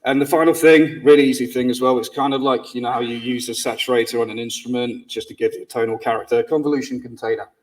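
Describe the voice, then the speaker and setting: A man's voice: mid-range voice, fairly even intonation, quick pace, few pauses, far from the mic, low-quality recording. A man giving a conference talk on game sound design in a casual, rambling way with fillers and restarts.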